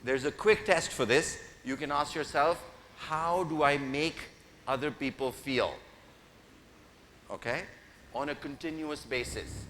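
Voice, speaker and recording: At a measured pace, a man with a slightly high, fairly bright voice gives an interactive keynote in a large conference hall. He jokes with and guides the audience from the stage microphone, and the recording has reverb plus a little noise.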